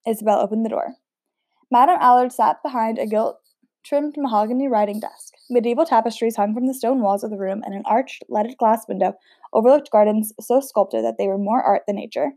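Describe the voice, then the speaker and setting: A woman's voice: on the high side, fairly quick, warm tone, no echo, clean studio sound. A woman reading a novel aloud in a casual way, stumbling over words now and then and chatting between passages. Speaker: audiobook reader.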